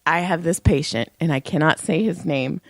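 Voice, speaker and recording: A young adult woman co-hosts a podcast, telling stories in casual chat and laughing often. Her voice is deep and gravelly, her vocal cords sound strained, and she talks at a moderate pace.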